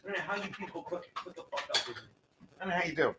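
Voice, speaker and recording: A man's voice: high voice, expressive, very fast, very noisy. A man hosting a casual podcast livestream, reading chat aloud with profane, rambling, self-mocking talk while fumbling to light a cigar.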